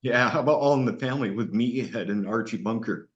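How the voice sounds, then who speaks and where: A man's voice: medium pitch, fast talker. Swearing, laughing man on lo-fi audio. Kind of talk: casual chat. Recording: dull lo-fi recording.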